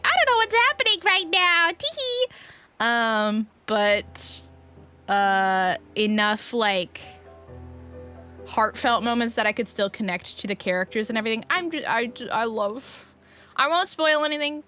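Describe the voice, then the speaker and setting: A woman's voice: a little high, normal speed, bright, forceful tone, soft background music. A woman streamer chatting casually to her chat while she plays, rambling and restarting her sentences.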